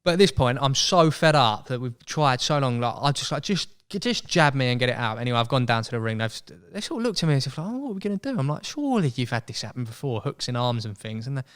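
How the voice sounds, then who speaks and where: A young man telling a story as a podcast guest in casual chat, animated and acting out voices. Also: mid-range voice, fast, few pauses, smooth. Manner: chatty, animated, acts out quoted voices.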